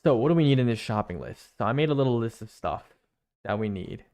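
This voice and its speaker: Gravelly streamer man thinking aloud. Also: mid-range voice, lively intonation, quick pace. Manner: rambling, repeats himself, thinks out loud. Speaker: video game streamer. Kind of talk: casual live-stream chat.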